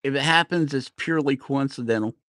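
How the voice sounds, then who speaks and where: A middle-aged man from New Jersey talks briskly in a medium-pitched, fairly bright voice while carving on his livestream. Casual and rambling, he hops between topics, laughs often, and makes fun of himself. His voice is recorded dry and close, with no room sound.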